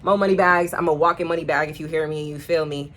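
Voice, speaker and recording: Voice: mid-range voice, level tone, quick pace, slight background noise. A tarot reader speaking straight to the viewer, emphatic and repeating affirmations. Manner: addresses viewers warmly and directly. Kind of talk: direct-to-camera tarot reading.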